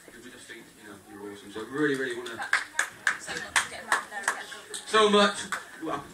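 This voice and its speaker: A man's voice: mid-range voice, very animated, fairly quick, very noisy. A young man giving a jokey, thankful groom's speech at his wedding and talking straight to the guests. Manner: jokey, thankful, addresses the crowd directly. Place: wedding reception hall. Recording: echoey hall, mic far off, loud crowd. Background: guests laughing and chattering.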